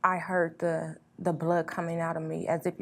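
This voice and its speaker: A woman sharing a personal testimony as an interview guest, earnest and quietly reflective. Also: deep voice, little pitch movement, moderate pace. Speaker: guest sharing her story.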